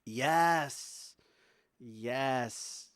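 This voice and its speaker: A man's voice: medium pitch, drawn-out words, no echo. Chatty streamer man, dry close sound. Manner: chatty, laughs often, talks to his chat and his dog. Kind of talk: casual live-stream chat.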